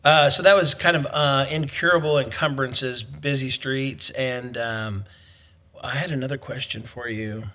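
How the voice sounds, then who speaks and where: A man hosting a home-construction podcast, talking in a rambling, halting way. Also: medium pitch, fairly even intonation, sharp tone. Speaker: podcast host, construction pro. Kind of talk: casual podcast chat.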